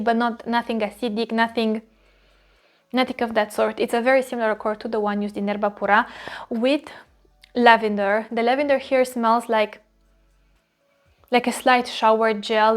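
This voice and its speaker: A woman reviewing fragrances in a casual video, gushing and repeating phrases as she searches for words. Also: on the high side.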